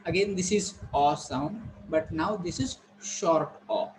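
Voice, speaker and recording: A man teaching vowel sounds, saying each example word slowly and repeating it. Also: on the high side, slight background noise, low-quality recording. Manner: slow, repetitive, modelling each word carefully. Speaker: English pronunciation teacher. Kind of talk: classroom lesson on vowel sounds.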